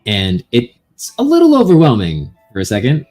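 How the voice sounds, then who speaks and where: A man narrating a tabletop game as game master, relaxed and descriptive with fillers. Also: medium pitch, moderate pace, faint music behind.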